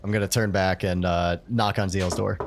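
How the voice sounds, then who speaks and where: A man's voice: low voice, fairly even intonation, normal speed, creaky, background noise. A man playing in a tabletop game, terse and blunt. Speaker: player. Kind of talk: tabletop role-play.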